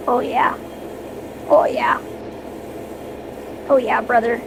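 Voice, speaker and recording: A woman's voice: high-pitched, unhurried, pauses often, background noise. A young woman streaming casually while airbrushing miniatures, chatting with her viewers and cheering herself on in an upbeat, playful way.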